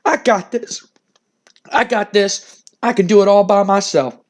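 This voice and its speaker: A man's voice: high voice, measured pace, pitched above the performer's own voice. A man voicing a cocky wrestler who talks defiantly and boastfully.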